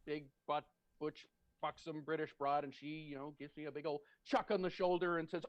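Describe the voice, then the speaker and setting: A man's voice: fairly high pitch, fairly even intonation, a little fast, dry recording. A man doing stand-up over a video call, telling a story in a chatty, self-deprecating way and laughing at his own lines. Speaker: stand-up comedian. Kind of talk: stand-up storytelling on a virtual show. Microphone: home setup on a video call.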